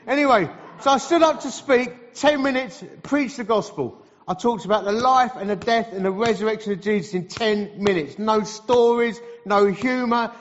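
High-voiced preacher in a hall. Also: male voice, moderate pace. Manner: lively, humorous storyteller. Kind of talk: storytelling sermon. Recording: reverberant hall, slightly dull sound.

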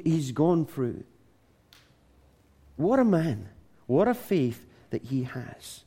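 A man preaching a sermon, emphatic and animated, telling stories with frequent restarts. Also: on the high side, takes it slowly, breathy edge. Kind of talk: sermon with storytelling.

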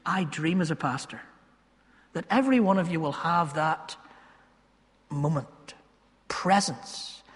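Pastor preaching in a church, highish voice, long echo in the hall. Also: male voice. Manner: swings between loud emphasis and hushed, slow asides. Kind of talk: sermon.

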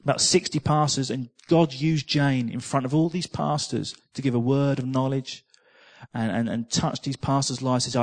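A man preaching to a congregation, his voice sitting at an ordinary middle pitch. He tells a personal testimony conversationally, repeating words as he goes and slipping in small laughs. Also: normal speed.

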